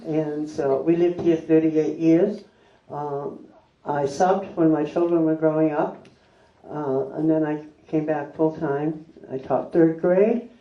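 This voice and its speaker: An older woman, a retired third-grade teacher, recalling her school days in a plain, unhurried way. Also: deep voice, steady tone. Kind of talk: reminiscing talk at a public event. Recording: distant, roomy and slightly dull.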